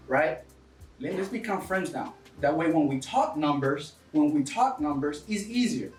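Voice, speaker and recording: A man's voice: fairly high pitch, expressive, moderate pace, reverberant, distant mic, soft background music, low-quality recording. A man with a foreign accent, English not his first language, talking energetically in a casual interview and coaching listeners, often calling people dude and bro. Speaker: real estate investor guest.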